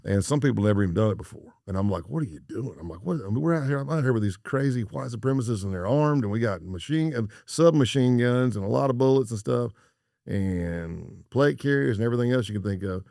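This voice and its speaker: A man's voice: medium pitch, animated, fast talker, gravelly, warm tone, no room sound, clean studio sound. A middle-aged American man, a former undercover agent, telling a story as a podcast guest and acting out the dialogue he quotes. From United States.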